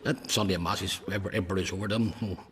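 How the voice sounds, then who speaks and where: A man, a former prisoner, recalling events bluntly in halting speech that goes soft at emotional moments. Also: sits low, fairly even intonation. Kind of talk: recollection in interview. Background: clear music.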